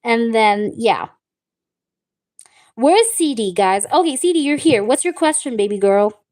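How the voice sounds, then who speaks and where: A young woman reading tarot live, chatting warmly with viewers and calling them babe and baby girl. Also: fairly high pitch, animated, a little slow. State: recovering from a wisdom tooth removal. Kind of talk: live-stream chat with viewers.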